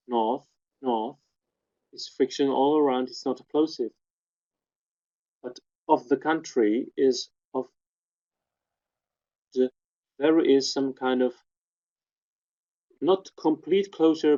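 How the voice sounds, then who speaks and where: A man's voice: medium pitch, dark tone. A man presenting a webinar, methodically explaining sound details in a technical lecture and pointing them out one step at a time. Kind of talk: technical lecture walking through spectrograms. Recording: dull lo-fi webinar audio.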